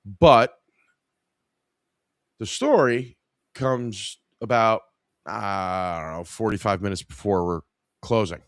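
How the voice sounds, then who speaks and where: A man's voice: on the low side, slow, long pauses, a bit bright, dry recording, clean studio sound. A man in his forties hosting a live podcast, telling a casual work story in an irreverent, wry way. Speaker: podcast host.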